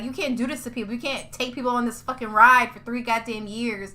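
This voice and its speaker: Podcast host, woman, brassy and emphatic, swears freely, pitched a bit high, faint hiss underneath. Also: steady tone, a little fast, sharp tone. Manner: profane, heated ranting; emphatic, repeats herself. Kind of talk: casual podcast chat.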